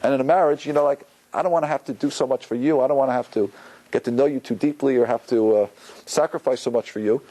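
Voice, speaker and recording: A man's voice: medium pitch, quick pace, warm tone, rough recording. Man giving a casual Torah lecture. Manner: conversational, loose with fillers, acts out quotes with a rising voice. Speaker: rabbi teaching a class.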